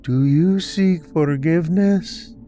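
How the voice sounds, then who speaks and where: A man's voice: on the high side, takes it slowly, dark tone, soft background music, voice pushed up. A man voicing a cold, solemn ghost woman.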